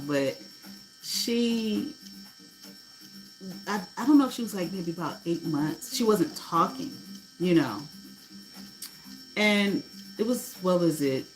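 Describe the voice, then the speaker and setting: A middle-aged woman telling a personal story in a casual way, animated, swearing freely and acting out what people said. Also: lowish voice, poor audio. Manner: animated, swearing, laughing, acts out quotes. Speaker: host.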